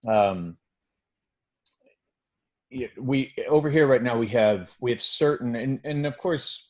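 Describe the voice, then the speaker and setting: A man's voice: medium pitch, slow, darkish tone. A man hosting a podcast interview, talking earnestly and emphatically and restarting his phrases. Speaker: podcast host. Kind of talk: conversational interview.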